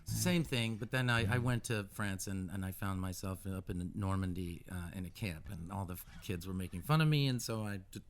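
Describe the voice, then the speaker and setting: A middle-aged American man talking as a musician guest in a casual radio interview, halting with many restarts and animated asides. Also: low-pitched, slight background noise. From United States.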